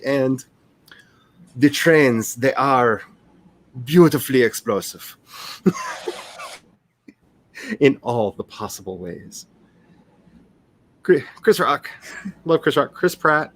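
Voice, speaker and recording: A man's voice: mid-range voice, lively intonation, takes it slowly, long pauses. A man, chatting casually and rambling on a livestream. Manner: rambling and chatty, laughing often. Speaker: author and streamer.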